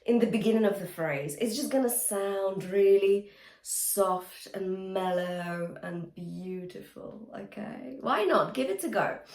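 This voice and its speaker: A woman's voice: mid-range voice, lively intonation, unhurried, darkish tone. A woman vocal coach giving a chatty, encouraging singing lesson, breaking into short sung demonstrations. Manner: encouraging, chatty teacher who breaks into song. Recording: roomy sound with faint guitar music.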